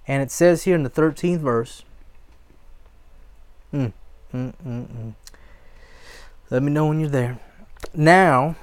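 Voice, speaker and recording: A male preacher with a slightly high voice, speaking slowly and deliberately. He reads scripture and exhorts his listeners, stopping now and then for short prayers. The sound is dry and close. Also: smooth, no echo. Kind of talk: sermon.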